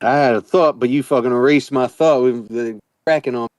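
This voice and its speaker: A man's voice: medium pitch, a little fast, a little mellow, dry recording, clean studio sound. A man talking on a podcast, blunt and swearing freely in casual banter.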